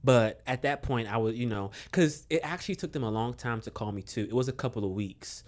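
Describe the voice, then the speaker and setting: A young man from Maryland, a guest on a podcast, telling a relaxed story with lots of fillers and chuckles. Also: medium pitch, a little fast. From Maryland, USA. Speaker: podcast guest, basketball coach. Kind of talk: casual storytelling interview.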